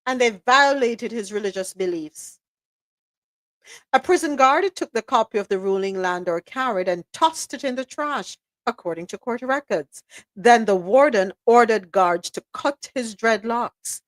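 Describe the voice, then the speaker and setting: A woman's voice: fairly high pitch, animated, measured pace, no room sound. Woman host reading the news, dry sound. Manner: reads steadily, then breaks off to add indignant remarks. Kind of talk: reading news articles with commentary.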